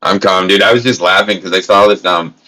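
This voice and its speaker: Casting: low-voiced man hosting a stream, loose and profane, coughs from smoking, sharp bright tone. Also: fairly quick, rough recording. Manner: loose, profane, laid-back rambling. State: coughing now and then from smoking. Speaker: livestream host. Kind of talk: casual livestream chat. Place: indoors at a grow setup.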